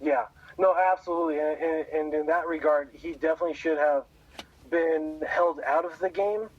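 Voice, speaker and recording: Slightly high-voiced guy on a sports pod, kinda muffled lo-fi sound, chill and agreeable. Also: fairly even intonation, normal speed. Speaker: podcast co-host. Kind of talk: sports podcast talk.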